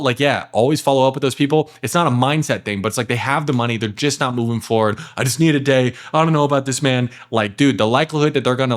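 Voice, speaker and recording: A young man running a sales lesson in a plain, blunt way, with many fillers between points. His voice sits at an ordinary middle pitch. Now and then he acts out what he would say to a client. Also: fairly bright tone. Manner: direct, blunt, talks to the viewer with frequent fillers. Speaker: sales trainer. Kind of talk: casual instructional talk with role-play examples.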